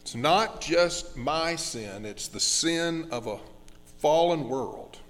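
A man preaching a sermon as pastor, earnest and slowing down on key words, with frequent restarts. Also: fairly high pitch, expressive, a bit bright, big-room sound. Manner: earnest, slows down for emphasis with many restarts.

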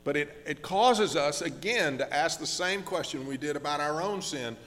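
A man preaching a sermon as pastor, earnest and slowing down on key words, with frequent restarts. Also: fairly high pitch, expressive, fairly bright tone, long reverb tail. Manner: earnest, slows down for emphasis with many restarts.

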